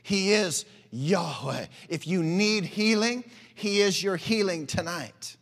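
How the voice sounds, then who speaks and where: A man preaches with fervent, emphatic conviction, pressing his points and calling for amens. His voice sits somewhat high, and a long reverb trails behind it. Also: animated, takes it slowly, a bit bright. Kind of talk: sermon.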